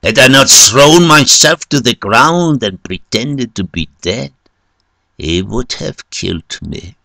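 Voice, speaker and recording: A man's voice: mid-range voice, lively intonation, takes it slowly, creaky, bright, forceful tone, dry recording, exaggerated voice. A man playing a wounded, pleading devil.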